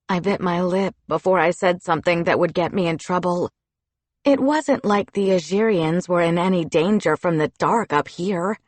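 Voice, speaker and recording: A woman narrating a children's fantasy audiobook in a steady storytelling delivery. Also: on the low side, moderate pace, no echo. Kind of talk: scripted narration.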